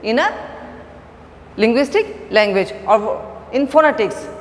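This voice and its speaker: A woman giving an online phonetics lecture, slow and repetitive, stressing key words. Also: a little high, big pitch swings. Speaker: teacher. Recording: long echo, faint background noise.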